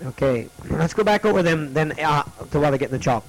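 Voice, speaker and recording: A man teaching a classroom lesson, slowly repeating each letter's sound for students to copy. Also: on the high side, lively intonation, a little hiss or hum, rough recording.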